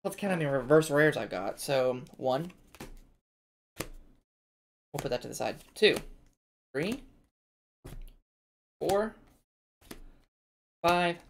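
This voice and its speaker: A woman's voice: deep voice, animated, takes it slowly, pauses often, slight background noise. A woman hosting a card-opening video, chatting to viewers in a chatty, self-deprecating way. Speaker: card-opening channel host. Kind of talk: casual chat while opening card packs.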